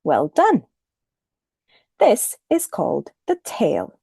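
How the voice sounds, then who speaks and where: A woman teaching a recorded lesson, speaking clearly and deliberately and modelling the intonation of example phrases. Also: medium pitch, wildly swooping pitch, dark tone, no echo, clean studio sound. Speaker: English teacher.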